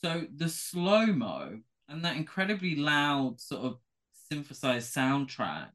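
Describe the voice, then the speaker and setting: A man on a casual podcast, telling stories in a campy, giggly, animated way. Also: fairly high pitch, slow pace.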